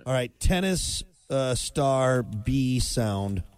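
A man's voice: mid-range voice, very slow, clean tone, no echo. Chatty man doing morning sports talk. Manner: rambling, animated storytelling with impressions. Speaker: morning show sports co-host. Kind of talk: casual radio banter.

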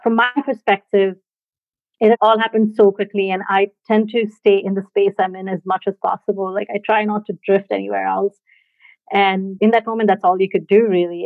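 A woman casually telling a personal story in a reflective, halting way, often laughing softly between thoughts. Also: mid-range voice, gravelly, no echo. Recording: dry, tinny phone-like sound.

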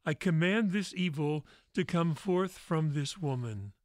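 A calm, commanding teacher, read aloud by a man in a spoken faith story. The voice sits slightly high and moves slowly, with each word weighed. The sound is dry and close. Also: no room sound. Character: gentle, firm male teacher Jesus.

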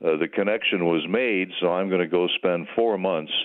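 A man's voice: low-pitched, moderate pace. An older man, a retired sports broadcaster, calling in by phone and reminiscing in a folksy, chatty way. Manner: folksy, chatty, many fillers and restarts. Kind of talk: reminiscing interview answers. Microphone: telephone. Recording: tinny phone line.

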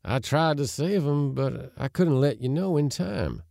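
A man's voice: a little high, expressive, unhurried, creaky, a little mellow, no room sound, studio quality, voice pushed up. A man voicing a sly young cowboy who spins a folksy, earnest-sounding yarn in a storybook reading. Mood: mournful. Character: sly young cowboy, smooth-talking and quick.

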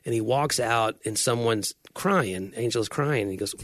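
A man in casual podcast chat who rambles through anecdotes and slips into quoted voices. His voice sits at a middle pitch. It is recorded dry and close. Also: normal speed, hardly any pauses, no room sound. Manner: rambling storyteller, acts out quotes. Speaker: podcast co-host.

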